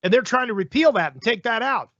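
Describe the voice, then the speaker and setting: A man's voice: very high voice, animated, fast, fairly bright tone, no room sound, muffled recording. A male talk show host giving opinionated, sarcastic news commentary in a ranting manner.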